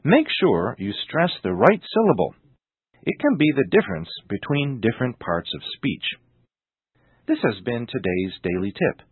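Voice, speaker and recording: Male English teacher, deliberate scripted delivery, heavy stress on key words; tinny lo-fi broadcast sound. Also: mid-range voice, big pitch swings, breathy edge, dry recording. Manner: slow, deliberate, exaggerated stress on example words. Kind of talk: scripted language lesson. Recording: tinny narrow-band radio sound.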